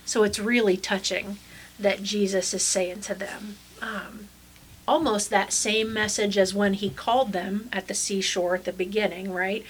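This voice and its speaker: A woman pastor speaks in an easy, reflective way, pausing and circling back with soft fillers. Her voice sits at an ordinary middle pitch. A faint hiss runs under the recording. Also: little pitch movement, rough recording. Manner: thoughtful, unhurried, many fillers. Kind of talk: casual faith discussion.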